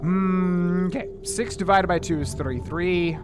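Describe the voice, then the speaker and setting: A man narrates his gameplay in a casual let's-play style, voice sitting a touch high for a man. He counts sums half under his breath and grumbles with mock exasperation. Faint music plays underneath. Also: unhurried. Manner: thinks aloud, counting and muttering sums to himself. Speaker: streamer playing a video game.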